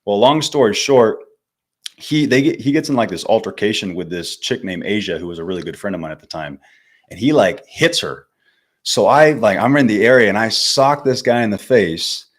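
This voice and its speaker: Young man, very deep voice, laid-back, slangy, podcast guest storytelling. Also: animated, moderate pace. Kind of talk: casual storytelling interview.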